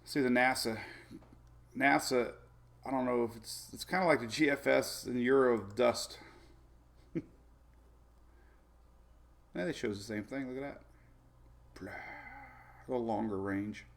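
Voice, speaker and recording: Male weather host, gravelly voice, mid pitch, loose rambling delivery. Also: a little slow, pauses often. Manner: rambling, chatty, laughs often, many fillers. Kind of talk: casual live weather talk.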